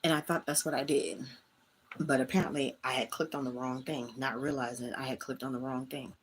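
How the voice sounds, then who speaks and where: A woman's voice: very deep voice, steady tone, fairly quick, a little hiss or hum. A woman hosting her own livestream, speaking, candidly venting and talking straight to her chat from a small room at home. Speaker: livestream host.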